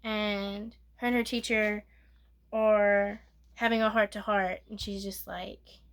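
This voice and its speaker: A woman giving a soft-spoken ASMR movie recap, rambling and correcting herself, sometimes dropping to a whisper. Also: mid-range voice, little pitch movement, slow pace. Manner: rambling, self-correcting retelling with filler "like". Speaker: movie reviewer.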